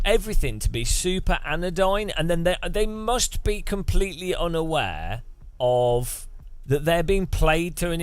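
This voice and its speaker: A man chatting casually on a live stream, rambling and musing with frequent restarts. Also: high-pitched.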